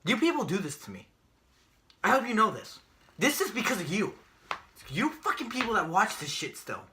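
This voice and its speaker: High-pitched ranting young man. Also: sing-song, normal speed, slight background noise. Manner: ranting, profane, shouts when angry. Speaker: podcast co-host. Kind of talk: casual wrestling predictions chat.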